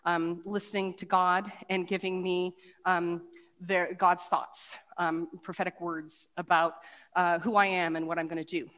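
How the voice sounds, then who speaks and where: Middle-aged woman, testimony speaker, lively storyteller with lots of fillers, heard in a hall with long reverb. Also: fairly low pitch. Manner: animated, acts out quoted voices, many restarts and fillers. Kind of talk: personal testimony talk with slides.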